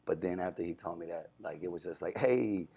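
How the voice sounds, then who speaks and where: Talking fast in a deep, gravelly, slightly rough voice, a young male radio DJ spins casual stories in an interview. He performs the voices of whoever he's quoting, telling his tales with lots of animation.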